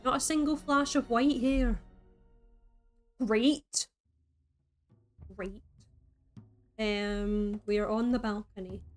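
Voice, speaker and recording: A woman's voice: a little high, fairly even intonation, slow pace, long pauses, soft background music. A woman reading a story game aloud as a streamer, breaking in with playful, chatty asides.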